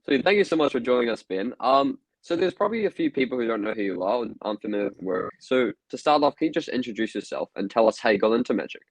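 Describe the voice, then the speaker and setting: A man's voice: mid-range voice, lively intonation, fast, hardly any pauses, breathy edge, no echo, poor audio. Young man hosting a dry-sounding podcast. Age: young adult. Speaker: podcast host. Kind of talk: podcast interview.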